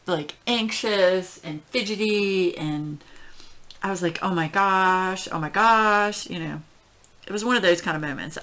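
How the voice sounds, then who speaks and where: A middle-aged woman telling a story at home in casual chat, rambling and animated, with many fillers. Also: fairly low pitch. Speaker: crafting channel host.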